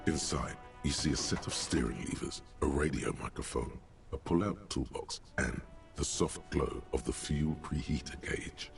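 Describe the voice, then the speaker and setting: Gravelly, deep inner voice. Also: male voice, normal speed, few pauses. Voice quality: gravelly, dry and wry. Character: ominous inner voice of a male detective. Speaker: game narrator. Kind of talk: scripted narration. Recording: game audio over music.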